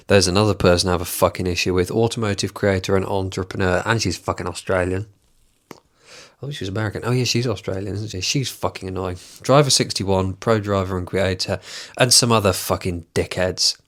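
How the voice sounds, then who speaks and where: Sweary sarcastic man, low voice. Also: fairly quick, fairly bright tone. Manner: reads items aloud and mocks them. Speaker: podcast host. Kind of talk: solo podcast rant.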